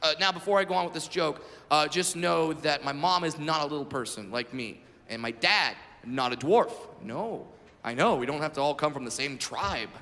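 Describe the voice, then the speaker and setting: Brash, high-voiced stand-up comedian. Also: male voice, moderate pace. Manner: brash, animated, profane. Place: large comedy venue. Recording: live hall, loud crowd noise. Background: audience laughter.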